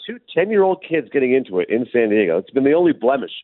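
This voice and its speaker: A man co-hosting a radio chat from afar, rattling off his stories quickly with a lively, swooping pitch. His voice comes through a thin, phone-like line with no room sound at all. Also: no room sound. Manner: animated storyteller. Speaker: co-host. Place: remote, away from studio. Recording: tinny phone line, dry.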